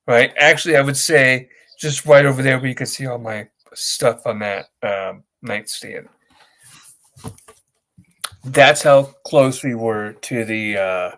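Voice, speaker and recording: A man's voice: mid-range voice, fairly bright tone. Rambling man acting out friends' lines. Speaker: podcast co-host. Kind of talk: casual chat.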